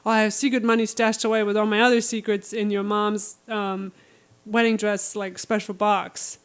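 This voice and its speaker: A woman's voice: medium pitch, level tone, normal speed, clear, resonant tone, natural voice. A woman voicing a scheming, self-pitying deposed father in a whiny, coaxing tone while retelling a book. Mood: secretive.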